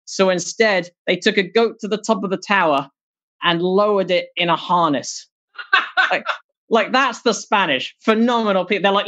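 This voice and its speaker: A stand-up comedian performing a set over a video call from home, animated, slipping into mocking put-on voices and laughing at their own jokes. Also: mid-range voice, moderate pace. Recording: dull lo-fi call audio.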